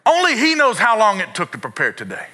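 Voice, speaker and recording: A middle-aged man, preaching a sermon in a church, playful and animated, with sung and acted-out bits. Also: high-pitched, fairly quick. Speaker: pastor. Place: church sanctuary.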